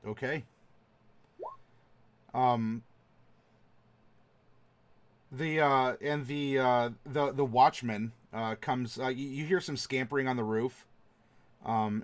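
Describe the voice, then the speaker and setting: A man narrating a tabletop game as game master, halting and full of fillers. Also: medium pitch, steady tone.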